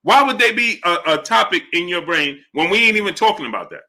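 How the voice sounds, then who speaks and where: A man hosting a live boxing stream, arguing his point with repetition and greeting chat members in a lower voice. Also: quick pace. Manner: animated, argumentative, repeats points; drops low and soft for chat shout-outs. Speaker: boxing show host.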